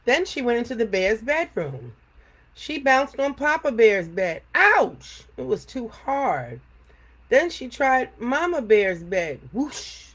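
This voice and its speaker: A woman reading a children's storybook aloud, expressive, with little sound effects. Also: a little high, a little slow.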